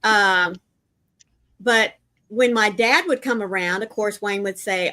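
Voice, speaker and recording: A woman's voice: mid-range voice, fairly even intonation, unhurried, sharp tone. A woman co-hosting a casual live chat, greeting viewers affectionately and telling family stories. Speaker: livestream co-host.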